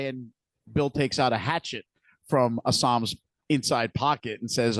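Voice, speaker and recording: In an unhurried, mid-range voice, a male podcast co-host casually recounts a TV episode scene by scene, in plenty of detail. The sound is dry.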